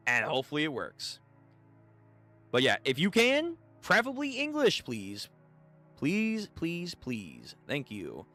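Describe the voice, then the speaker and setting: A man reacting out loud on a live manga readthrough stream, swinging his pitch all over as he talks. His tone is bright and forward, loose and slangy, and soft music hums faintly behind him. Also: slow pace. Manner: animated and slangy, chatting to viewers. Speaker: streamer reading manga aloud. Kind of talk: casual live readthrough commentary.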